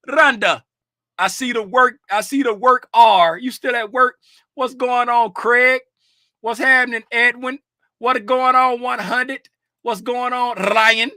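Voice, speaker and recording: A man from Florida hosting a trading livestream, greeting his chat by name in an animated, casual way with bursts of laughter. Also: extremely high pitch, dry recording, studio quality. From Fort Lauderdale, Florida.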